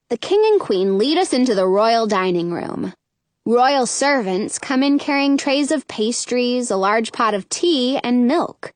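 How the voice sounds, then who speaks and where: A woman narrating a children's chapter book in the first person. She reads slowly and expressively, her fairly high voice rising and falling a great deal, recorded close and dry. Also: dry recording. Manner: expressive, storytelling. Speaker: audiobook narrator.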